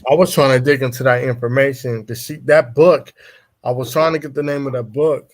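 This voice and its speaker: A man's voice: mid-range voice, fairly even intonation, brisk. Man explaining earnestly in casual chat.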